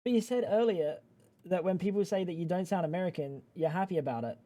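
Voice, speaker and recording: A young man on a livestream, chatting loosely and trading crude, teasing banter. His voice sits fairly high but sounds soft and mellow rather than bright. He rambles and trails off mid-thought. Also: fast talker. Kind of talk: casual livestream chat.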